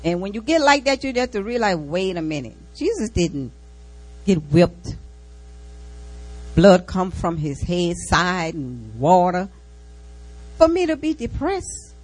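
A woman's voice: on the low side, sing-song, a little slow, pauses often, a little mellow, low-quality recording. A woman preaching an informal sermon and sharing a personal testimony, in a folksy way that repeats key lines and breaks into laughter between phrases. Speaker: church speaker giving a testimony.

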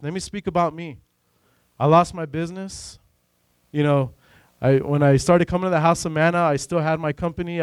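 A man giving an earnest, emotional personal faith testimony, rambling and filling pauses with "you know.". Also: on the high side, a little mellow, no echo. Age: adult with a son. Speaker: church member giving a testimony.

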